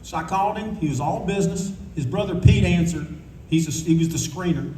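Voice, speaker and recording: Older male panelist, rambling raconteur, warm low-key tone, faint room hum behind. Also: fairly quick, far from the mic. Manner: rambling, candid, swears freely. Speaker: convention panelist. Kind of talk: casual anecdotal storytelling. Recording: echoey room recording from afar.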